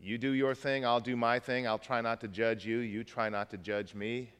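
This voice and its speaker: A man's voice: mid-range voice, level tone, normal speed, fairly bright tone, smooth, long reverb tail. A man preaching a sermon as pastor, conversational and folksy, mixing jokes into the message. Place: church.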